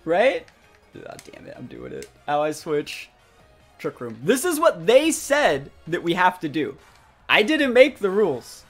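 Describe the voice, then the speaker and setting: A young man commentating his own gameplay live, talking to his chat with sudden loud outbursts. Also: fairly high pitch, wildly swooping pitch, a little slow, slightly rough. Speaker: gaming streamer. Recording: faint music behind voice.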